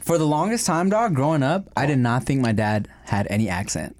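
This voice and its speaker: A man's voice: mid-range voice, animated, a little fast, a little mellow. A young man hosting a food vlog, chatting casually and profanely while eating. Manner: profane and laid-back, says "dog" often. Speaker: vlog host.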